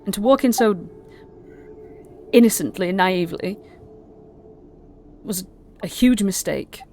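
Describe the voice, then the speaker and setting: A woman's voice: mid-range voice, a little mellow, a little hiss or hum, lightly acted. Woman voicing a stammering remorseful girl. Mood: earnest. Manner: stammering, halting. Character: remorseful young woman, apologetic and earnest.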